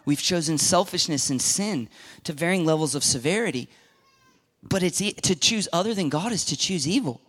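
A middle-aged pastor delivers a sermon in an emphatic, animated style, voicing the people he quotes and sometimes sinking to a whisper. His voice sits fairly high.

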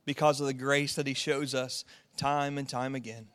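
A man's voice: medium pitch, level tone, moderate pace, a bit bright, long reverb tail. A man preaching a sermon in a casual, conversational way, full of fillers and asides. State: tearful, sniffling. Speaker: pastor.

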